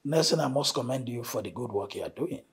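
A man playing a raspy, authoritative wealthy chief. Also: medium pitch, lively intonation. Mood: measured. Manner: measured, authoritative. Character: wealthy, measured male head of house.

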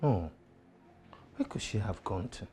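A man's voice: fairly low pitch, lively intonation, unhurried, warm tone, a little hiss or hum. An actor playing a man anxiously searching for his missing girlfriend, stammering as he worries. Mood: worried.

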